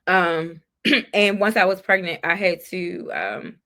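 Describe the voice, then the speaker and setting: Candid woman telling her story, lower voice. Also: steady tone, slow pace, sharp tone. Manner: candid, heartfelt, reflective. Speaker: podcast guest. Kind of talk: personal storytelling in a conversation.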